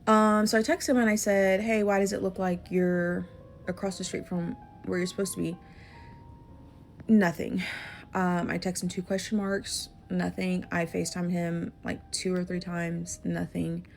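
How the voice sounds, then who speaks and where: A woman tells a casual storytime in a chatty way, acting out both sides of the dialogue. Her voice sits a bit low and runs into heavy vocal fry. Faint music plays under her. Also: flat delivery, a little slow. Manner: chatty, full of fillers and quoted dialogue.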